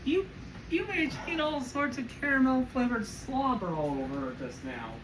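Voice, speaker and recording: A woman's voice: high-pitched, animated, normal speed. A woman trading teasing asides in a casual family chat at home. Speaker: family member. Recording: distant, roomy, noisy.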